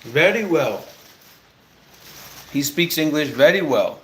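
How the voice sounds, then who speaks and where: A man's voice: fairly high pitch, lively intonation, slow, a little hiss or hum. A man hosting a casual livestream chat, blunt and sarcastic as he teases his co-host and callers.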